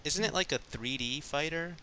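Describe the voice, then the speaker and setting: A man's voice: a little high, normal speed, pushed and bright. A man co-hosting a casual gaming podcast, rambling with lots of fillers. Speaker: podcast co-host. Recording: dull lo-fi with faint hiss.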